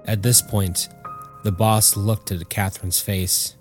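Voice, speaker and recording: A man narrating a story in a measured, steady audiobook style. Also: on the low side, faint music behind.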